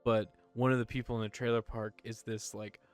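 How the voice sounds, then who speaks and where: A man co-hosting a laid-back podcast chat. He tells his stories with animated energy and mimics the people he quotes. His voice is smooth and resonant, with faint music in the background. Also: medium pitch, fairly quick. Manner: animated storyteller, acts out quotes. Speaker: podcast co-host. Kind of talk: casual chat.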